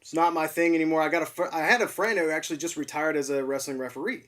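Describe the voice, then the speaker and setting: Male stream host, upbeat casual chatter with frequent laughs, on the higher side, recorded a bit distant. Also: quick pace. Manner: excitable, laughs often, many fillers. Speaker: livestream host. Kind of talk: casual chat.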